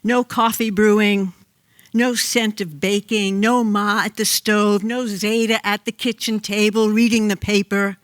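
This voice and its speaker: An older man reading his own childhood memoir aloud on a small theater stage, deliberate and reflective. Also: high-pitched, level tone, a bit bright, clean tone, no room sound.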